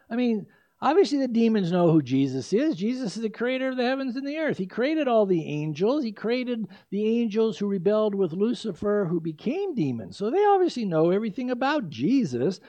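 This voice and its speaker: An older man preaching a sermon with animated emphasis and quick asides. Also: sits high, no room sound. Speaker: pastor. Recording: dry, slightly dull lo-fi recording.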